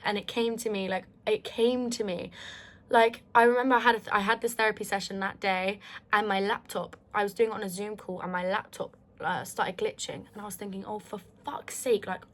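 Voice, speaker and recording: A woman's voice: medium pitch, steady tone, fairly quick, fairly bright tone. A woman talking straight to her viewers in a candid, heartfelt monologue. She is emphatic and reflective, swears freely and often restarts her sentences. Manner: earnest and reflective, with frequent restarts. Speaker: vlogger.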